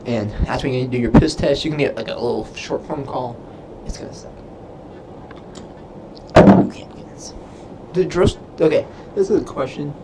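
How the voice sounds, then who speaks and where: A man's voice: medium pitch, moderate pace, heavy background noise. A young man, a Navy sailor, casually answering viewer questions on a livestream, rambling with lots of fillers. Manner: rambling, filler-heavy, loses his train of thought.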